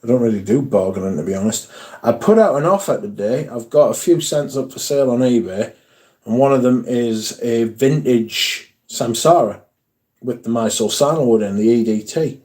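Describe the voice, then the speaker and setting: A man rambles through a casual live stream, reading comments and swearing as he goes. His voice is warm and mellow, never bright. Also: medium pitch, lively intonation, moderate pace. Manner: chatty, swears casually, reads viewer comments aloud.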